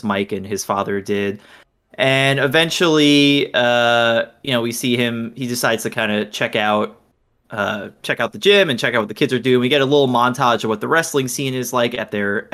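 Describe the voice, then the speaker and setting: A man in relaxed podcast chat, retelling a movie's plot step by step. He talks in an easygoing, agreeable way, full of "um" and "you know". His pitch sits in a plain middle range. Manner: easygoing, lots of fillers, agreeable. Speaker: podcast co-host. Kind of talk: casual movie recap chat.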